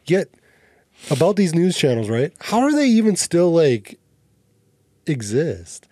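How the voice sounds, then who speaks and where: A man's voice: a little high, big pitch swings, a little slow, warm tone, no echo, clean studio sound. A man co-hosting a podcast, chatting casually and skeptically, rambling with fillers like "like" and "right". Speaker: podcast co-host. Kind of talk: casual chat.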